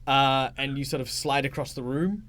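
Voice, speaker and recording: A man's voice: mid-range voice, steady tone, normal speed, a bit bright. A man with an Australian accent narrating as game master of a tabletop game, hesitant and full of fillers. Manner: hesitant, many fillers and restarts.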